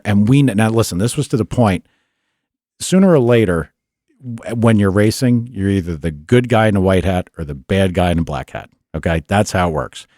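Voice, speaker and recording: A man telling a racing story in a casual podcast chat, animated and laughing often, acting out what people said. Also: deep voice, fairly quick, dry recording, studio quality. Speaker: podcast co-host.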